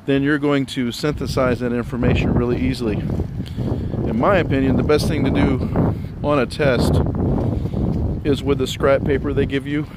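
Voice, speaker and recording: A man talks through a music theory lesson in a relaxed, step-by-step way, a little out of breath, his voice at an ordinary middle pitch. He is recorded outdoors, with loud wind and the rumble of vehicles behind him. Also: normal speed. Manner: explains step by step, rambling and relaxed. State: slightly out of breath. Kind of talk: casual spoken theory lesson.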